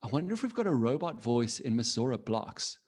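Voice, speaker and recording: A friendly man leads a live online lesson for children, heard over a video call mic. His voice sits at an ordinary middle pitch. He chats loosely with little restarts, encourages the kids and laughs easily. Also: sing-song, a little fast, darkish tone, husky. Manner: casual, with fillers and restarts. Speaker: coding teacher for children.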